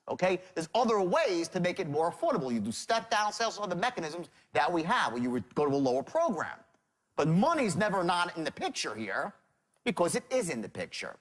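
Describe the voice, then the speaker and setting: A middle-aged man teaching a sales seminar, animated, acting out calls with shifting tones. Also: high-pitched. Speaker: sales trainer.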